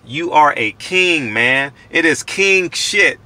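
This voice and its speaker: A channel host in his forties offers casual life advice to other men in a fairly high, expressive voice with a sharp tone and slow pace. He's preachy and emphatic, swearing freely and repeating himself to drive points home.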